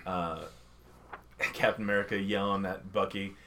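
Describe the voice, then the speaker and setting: A man's voice: sits low, flat delivery, normal speed, background noise. A man in casual conversation about films, talking in a rambling way and swearing now and then. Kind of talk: casual movie discussion.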